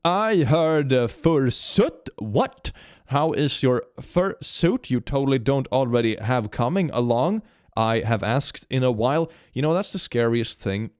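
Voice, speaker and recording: A man's voice: medium pitch, darkish tone, no room sound, clean studio sound. A young man streaming live, chatting casually and reading viewer messages aloud, laughing often, with a slight cold. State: slight cold, stuffy nose.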